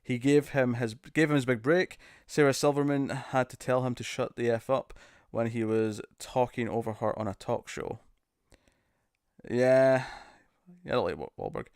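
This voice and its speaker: A man's voice: medium pitch, normal speed, clear, resonant tone, no echo, studio quality. Chatty British man on a live stream. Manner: laughing, jokey, attempts bad celebrity impressions. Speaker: streamer host. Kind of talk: casual live-stream chat.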